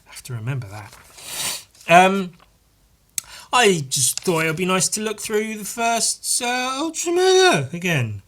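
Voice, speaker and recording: A man's voice: wildly swooping pitch, a little slow, fairly bright tone. Rambling sarcastic British man. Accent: British English. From Britain. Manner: rambling, sarcastic, swearing, jumps in pitch for silly voices. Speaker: podcast host. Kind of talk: casual solo podcast chat.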